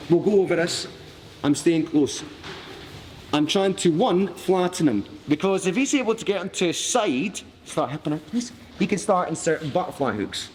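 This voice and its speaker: Surrounded by his class on the training mat, this Glasgow man runs a martial arts session in a broad Glaswegian accent, full of cheeky jokes and free swearing. His pitch is fairly high, the recording has a big-room feel, and there's a faint hiss or hum.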